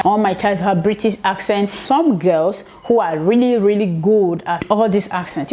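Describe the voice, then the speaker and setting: Mellow-voiced Nigerian woman vlogger. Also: medium pitch. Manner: chatty, rambling, conversational asides. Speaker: vlogger giving business tips. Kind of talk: casual advice vlog.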